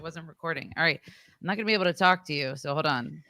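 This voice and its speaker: A woman co-hosting a podcast who teases her friend and reacts with quick interjections. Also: sits low, pushed and bright, no echo. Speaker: podcast co-host. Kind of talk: casual chat.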